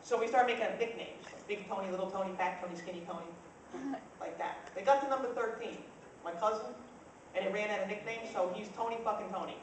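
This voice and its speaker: A woman's voice: medium pitch, fast. A woman from New Jersey doing a stand-up comedy set, telling brash, profane stories with punchy timing. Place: club room with a laughing audience. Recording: distant, echoey live-room recording. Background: loud crowd laughter and noise.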